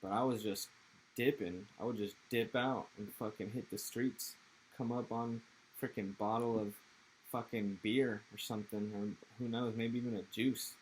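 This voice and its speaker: A young man from Texas with an American accent talks in a rambling, laid-back way, full of casual slang and swearing. His voice sits low and barely moves in pitch. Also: fairly even intonation, normal speed, a little hiss or hum, poor audio. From Texas, USA. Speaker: interviewee. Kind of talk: casual interview chat.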